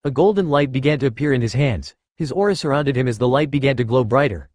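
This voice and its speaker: A man narrating a fan-written story aloud in a steady, even way. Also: mid-range voice, fast talker, no room sound, clean studio sound. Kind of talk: reading fan fiction aloud.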